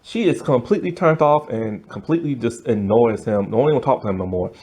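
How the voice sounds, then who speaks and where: A man's voice: mid-range voice, a little fast, slightly rough. A man giving a casual, rambling review of a show, full of fillers and asides. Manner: rambling and animated, many fillers.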